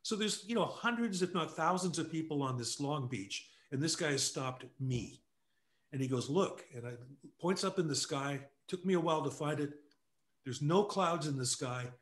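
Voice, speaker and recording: An older man from Canada, a guest telling anecdotes casually, animated and quick to laugh. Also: fairly high pitch. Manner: animated storyteller who acts out quotes, laughs often. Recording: echoey room.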